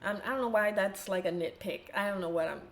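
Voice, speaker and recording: A woman's voice: medium pitch, fast talker. A woman hosting a reaction video, talking back to the clip with exasperated, sarcastic commentary.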